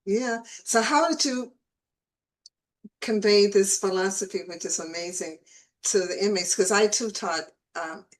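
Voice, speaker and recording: A woman's voice: on the low side, rough recording. A woman hosting an interview show, talking casually and often repeating words as she gathers her thoughts. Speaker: host.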